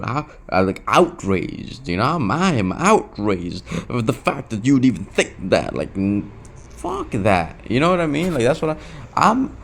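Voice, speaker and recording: Young guy venting to his camera, low gravelly voice, swears a lot, keeps repeating himself. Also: sing-song, normal speed. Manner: restless and emotional, swearing, repeating himself, saying "bro". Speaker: vlogger. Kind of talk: confessional talk to camera.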